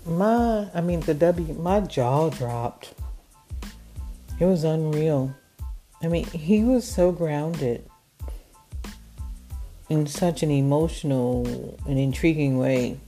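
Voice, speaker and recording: A woman host telling a personal story in a gushing, animated way. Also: low voice, slow pace, pauses often, soft background music. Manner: gushing, animated retelling with laughs. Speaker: podcast host.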